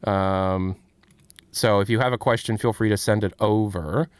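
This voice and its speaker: A man's voice: fairly low pitch, fairly even intonation, unhurried, clear, resonant tone, dry recording. A man hosting a casual livestream, rambling as he answers chat questions. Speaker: streamer and host.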